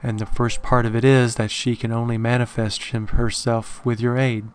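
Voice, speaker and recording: A man voicing a grave male occult scholar who warns calmly and solemnly in a read-aloud horror story. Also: medium pitch, normal speed, smooth, faint music behind, natural voice. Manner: calm, solemn warning.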